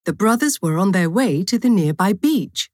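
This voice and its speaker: Woman reading a course story, clear and measured, pitch jumps around, dry studio sound. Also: lively intonation, dry recording. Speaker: narrator of a course text. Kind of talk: scripted story narration.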